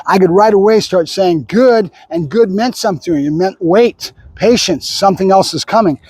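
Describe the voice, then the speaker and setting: A man explains dog training as he works, his voice sitting high for a man and sounding dry and close. He chats steadily and keeps dropping in short repeated marker words between explanations. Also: moderate pace, darkish tone, breathy edge, no room sound. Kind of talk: instructional training narration.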